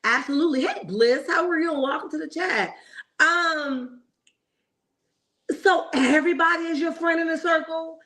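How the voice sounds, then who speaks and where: A woman's voice: high-pitched, moderate pace, sharp tone. A woman hosting a casual reality TV commentary livestream, opinionated and chatty, greeting viewers in the chat and checking in with "okay?".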